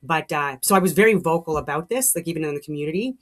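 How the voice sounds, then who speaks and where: A woman's voice: low voice, animated, fast talker. A middle-aged woman hosting a show, talking in a heated, rambling monologue with frequent restarts and swearing. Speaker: show host. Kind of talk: casual monologue.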